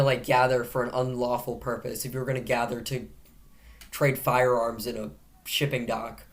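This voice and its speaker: A man at a middle pitch talks through the day's news into a camera. His tone is casually sarcastic, with dry jokes dropped between the headlines. He keeps tripping over his words and fixing them as he goes. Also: flat delivery, moderate pace. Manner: frequent self-corrections and restarts. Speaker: host of a news commentary show.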